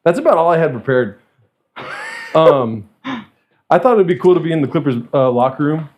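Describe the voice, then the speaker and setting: A man's voice: fairly high pitch, sing-song, moderate pace, a little hiss or hum. A man hosting a podcast, chatting casually in a rowdy, joking way with lots of swearing and laughter. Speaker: podcast host. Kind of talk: casual chat.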